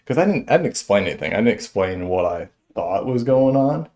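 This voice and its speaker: A young man telling a stand-up story in an animated way, chuckling as he goes. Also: medium pitch, fairly quick. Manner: animated, chuckles through his own story. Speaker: stand-up comedian.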